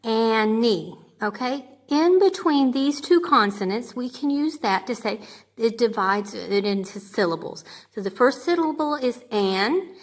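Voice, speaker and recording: A woman's voice: fairly high pitch, lively intonation, a little slow. A woman teaching a grade two class remotely, patiently sounding out words and checking in with "okay?". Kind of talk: remote lesson for young children.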